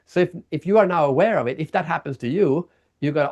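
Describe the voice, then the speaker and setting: A man guest in a casual interview, telling stories in an animated way and acting out people's reactions. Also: on the high side, quick pace, lo-fi sound. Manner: animated storyteller, acts out reactions. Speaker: guest, keynote speaker and author.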